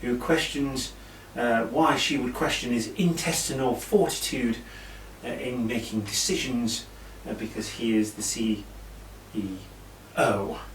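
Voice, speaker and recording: A man's voice: mid-range voice, fairly even intonation, a little slow. A British man casually recapping an old wrestling event, rambling with asides and fillers. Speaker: wrestling show reviewer. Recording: echoey room, mic at a distance, faint hiss.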